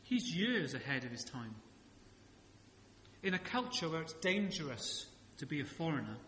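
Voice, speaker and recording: Bright-toned male pastor in an echoey church. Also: a little high, a little hiss or hum. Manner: conversational preaching with rhetorical questions and humorous asides. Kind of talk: sermon. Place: church sanctuary. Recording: echoey church hall reverb.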